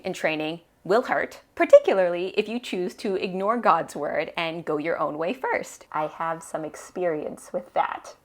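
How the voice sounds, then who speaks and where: Woman book reviewer, lowish voice, expressive, reads passages aloud.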